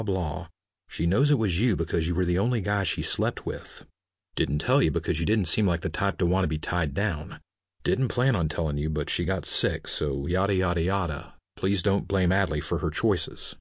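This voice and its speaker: A man voicing a blunt, gruff male biker club member who speaks in a matter-of-fact, dismissive way. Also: low-pitched, normal speed, no echo, studio quality.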